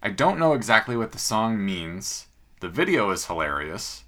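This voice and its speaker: Man, podcast co-host, bright voice, lowish pitch, upbeat, jokey. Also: sing-song, moderate pace. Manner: upbeat, jokey, asks questions. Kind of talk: casual chat.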